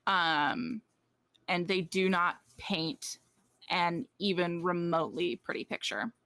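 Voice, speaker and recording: A woman narrating a tabletop game as game master, unhurried and full of "like" and "um" fillers. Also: fairly low pitch, bright, forceful tone, no echo.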